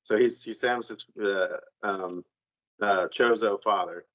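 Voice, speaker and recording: A man on a podcast, retelling a video game ending in an animated, rambling way with lots of fillers and some cursing. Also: on the low side, slow, low-quality recording. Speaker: podcast co-host. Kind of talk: casual chat.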